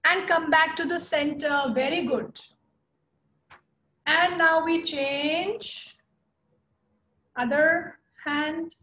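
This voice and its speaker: A young woman with an Indian English accent leading a chair yoga class, encouraging students by name with slow, steady cues. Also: sits high, roomy sound, lo-fi sound, slight background noise. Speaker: yoga instructor.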